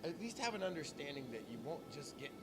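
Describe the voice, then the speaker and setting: A man ranting in a casual vlog, swearing constantly and jumping between topics with animated energy. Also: fairly high pitch, quick pace, background noise. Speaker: vlogger. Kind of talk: profane casual rant. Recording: clear music playing behind.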